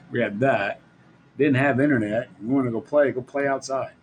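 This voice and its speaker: A middle-aged man talks through a casual live-stream monologue in a blunt, rambling way, laughing often as he goes. His voice sits at an ordinary middle pitch. A faint hiss of background noise runs under it. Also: a little slow, low-quality recording. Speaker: live show host. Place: Las Vegas.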